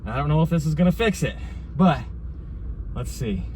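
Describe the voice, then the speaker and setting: A man's voice: a little high, animated, moderate pace, darkish tone, slight background noise. A man hosting a car-flipping vlog, narrating casually as he works on a truck and thinking aloud with fillers and trailing sentences. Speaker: car-flipping channel host.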